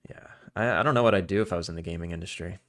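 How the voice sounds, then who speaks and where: With a low, slightly bright voice and a very fast delivery, a Long Island, New York man with a local accent chats loosely with his viewers while playing a game. He rambles and chuckles as he responds to chat.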